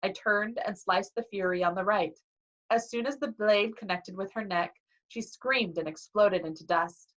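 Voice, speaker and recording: A woman reading a novel aloud in a lively way, acting out the dialogue, on a dull lo-fi recording. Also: medium pitch, moderate pace. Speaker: reader.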